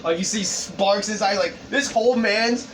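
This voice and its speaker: A man narrating a story pitch in a rambling, profane, casual way with lots of fillers. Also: moderate pace. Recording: distant mic, background noise.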